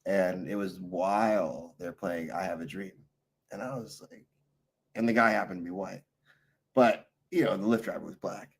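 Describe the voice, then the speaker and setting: Here a deep, steady male voice with vocal fry moves at a moderate pace. The speaker, tired and streaming live, reads his viewers' messages and chats loosely, with stories that wander and turn profane.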